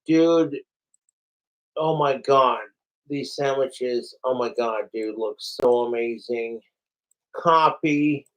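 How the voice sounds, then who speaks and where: Late in a livestream, a tipsy man chats casually, his words slurring a little from alcohol. He speaks slowly and rambles excitably, swearing often, in an ordinary middle-pitched voice. The recording is rough.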